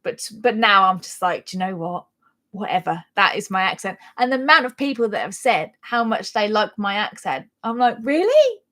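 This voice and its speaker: A woman's voice: medium pitch, normal speed, hardly any pauses, pushed and bright. Woman, Norfolk accent, thirties, casual live-stream chat, self-deprecating, laughs a lot. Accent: Norfolk English. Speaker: crochet channel host.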